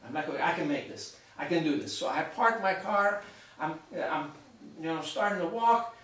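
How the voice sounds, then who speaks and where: A man giving an author's talk in a bookshop, telling a story in an animated, chatty way with asides to the audience. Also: sits high, slight background noise. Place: bookshop event room. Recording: very echoey room, mic far off.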